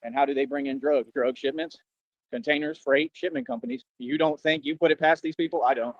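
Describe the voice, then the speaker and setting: A man's voice: fairly high pitch, fairly quick, no room sound, lo-fi sound. A man rambling on at length, boastful and earnest, repeating himself often, with a way of talking. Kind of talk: rambling street monologue.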